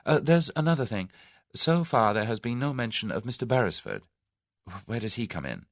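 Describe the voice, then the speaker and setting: A man reading an audiobook voices a spirited, wary young Englishwoman, raising his voice and giving quick, plucky retorts. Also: medium pitch, sing-song, no room sound, clean studio sound, pitched above the performer's own voice. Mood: firm.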